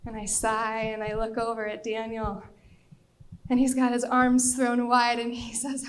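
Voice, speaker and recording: Lively young woman telling a story. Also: fairly high pitch, measured pace. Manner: lively, animated, acts out quoted voices. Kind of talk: live storytelling on stage.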